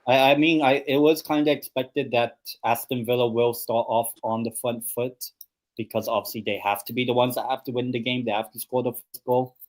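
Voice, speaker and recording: A young man hosting a live football watchalong at a desk mic, chatting loosely about the match and his predictions. He talks in a middle-pitched voice and keeps rambling, padding his sentences with ums and obviouslys. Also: steady tone, fairly quick. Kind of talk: casual chat and match predictions.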